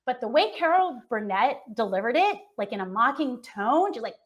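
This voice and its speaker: A woman's voice: high voice, big pitch swings, normal speed, a bit bright. An American woman hosting a casual entertainment chat show, talking with gushing enthusiasm. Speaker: host.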